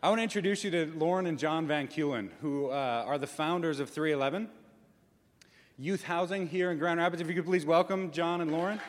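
Male pastor with a light, fairly high voice, playful and animated at the pulpit; large hall with a long reverb. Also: brisk, a little hiss or hum. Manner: playful, acts out voices for effect. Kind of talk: church announcement talk. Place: church sanctuary.

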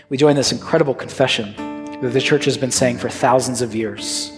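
Earnest pastor in a reverberant church. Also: male voice, medium pitch, brisk. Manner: earnest, swings from raised emphatic lines to hushed prayerful ones. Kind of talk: sermon and communion liturgy. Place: church sanctuary. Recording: long hall reverb with soft guitar.

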